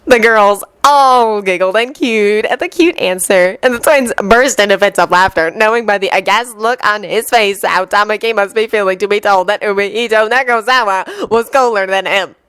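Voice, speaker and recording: A woman narrating a fanfiction story in an expressive, lively reading. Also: mid-range voice, normal speed, hardly any pauses, clean tone, no echo. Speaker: fanfiction reader. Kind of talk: audiobook narration.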